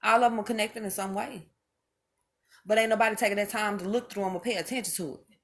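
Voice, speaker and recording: A woman's voice: medium pitch, fairly even intonation, fast talker. A mother speaking straight to her viewers in an impassioned monologue, emphatic and preachy, hammering home each point by repeating it.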